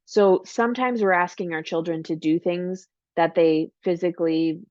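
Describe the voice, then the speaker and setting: A woman's voice: on the low side, steady tone, normal speed, no room sound, highs cut off. A woman giving an online parenting workshop in a casual, chatty way, full of "like" and "right?", acting out encouraging lines for parents. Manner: acts out warm parent lines in a brighter voice.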